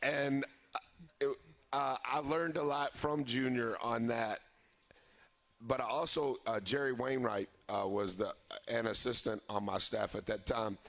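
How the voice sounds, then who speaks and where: A man, a head basketball coach, telling an animated story on a radio show, chuckling often and jumping up in pitch when he quotes himself. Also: a little slow. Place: live broadcast from a barbecue restaurant.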